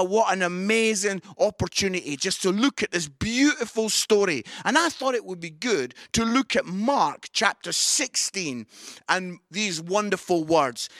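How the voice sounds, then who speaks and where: A middle-aged man with a Scottish accent, telling jokes and stories in an animated comic Easter talk before reading from the Bible at home. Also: sits high, no echo, studio quality. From Scotland. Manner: animated storytelling with jokes and voices. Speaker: Christian comedian and preacher.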